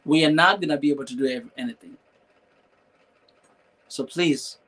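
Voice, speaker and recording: A man with a fairly high voice hosts a live stream. He talks emotionally and preaches at times, repeats phrases and keeps asking his viewers rhetorical questions. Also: moderate pace, a bit bright, rough recording.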